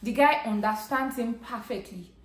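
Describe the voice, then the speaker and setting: A woman from Nigeria with a Nigerian English accent speaks to her vlog audience in an earnest, conversational way. Her voice sits a little high. The recording has a noticeable roomy echo. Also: normal speed. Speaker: vlogger. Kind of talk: personal storytelling to camera. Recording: echoey room.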